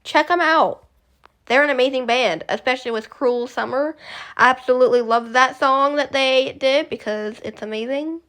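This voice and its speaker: A woman's voice: high-pitched, moderate pace, a bit bright. A young woman vlogger chatting casually, rambling and correcting herself with small giggles. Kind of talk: casual chat.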